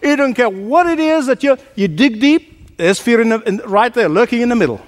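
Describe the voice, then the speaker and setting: A man's voice: extremely high pitch, lively intonation, brisk. A man preacher giving a sermon, emphatic, repeating key phrases and laughing often.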